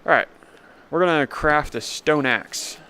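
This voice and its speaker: A man's voice: a little high, unhurried, bright, forceful tone, soft background music. A young man streaming a video game, rambling casually, laughing often and mocking himself. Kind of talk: casual gaming commentary.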